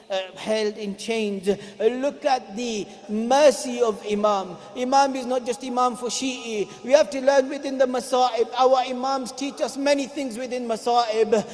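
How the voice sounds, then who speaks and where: A man's voice: very high-pitched, a little mellow. A man preaching a mourning sermon in a mosque, moving between plain speech and chanted, cried-out lines. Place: large mosque hall. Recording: long hall reverb.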